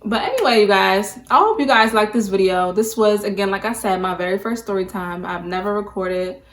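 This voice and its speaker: A woman's voice: medium pitch, brisk, a bit bright. A young adult woman vlogger telling a casual story to camera, emphatic and saying "like" a lot. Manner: emphatic, peppers talk with "like". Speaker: beauty vlogger. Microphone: camera mic, talking to camera.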